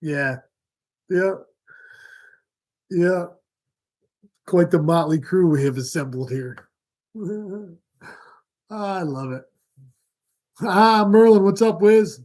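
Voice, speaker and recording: A man's voice: sits high, extremely slow, long pauses. A middle-aged man hosting a fishing live stream, chatting casually and telling rambling stories with fillers. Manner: relaxed rambling storyteller with frequent fillers and laughs. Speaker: fishing show host.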